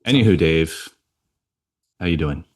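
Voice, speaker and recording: A man's voice: rumbling low, animated, unhurried, a little mellow. A man co-hosting a podcast, telling a chatty story and laughing often. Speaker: podcast co-host. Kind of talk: casual chat.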